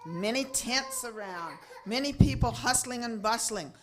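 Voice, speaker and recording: A woman telling a religious story to a gathering, expressive and acting out the characters' voices. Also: a little slow. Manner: expressive, swinging pitch and loudness, acting out voices.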